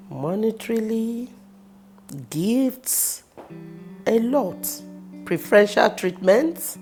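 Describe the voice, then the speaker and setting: A Nigerian actress telling personal stories in a casual, expressive way, with sudden loud bursts. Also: female voice, on the low side, slow, long pauses. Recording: music playing behind the voice.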